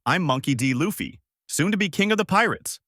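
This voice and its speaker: A man's voice: mid-range voice, animated, a little fast, a bit bright, no echo, clean studio sound, lightly acted. A man doing Luffy, a goofy young pirate captain. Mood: carefree. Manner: goofy, carefree, stubborn. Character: carefree young male rubber pirate captain.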